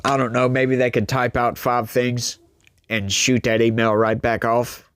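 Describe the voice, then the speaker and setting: A man's voice: medium pitch, little pitch movement, unhurried, fairly bright tone, smooth, no room sound, clean studio sound. A man doing mocking political reaction commentary, laughing often.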